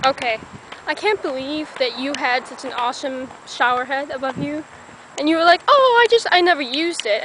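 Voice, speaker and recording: Chatty high-voiced young woman outdoors. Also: a bit bright. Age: young adult. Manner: chatty, rambling asides while walking. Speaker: college student vlogger. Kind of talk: casual walking vlog. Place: outdoors on a college campus. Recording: noisy outdoor camera audio.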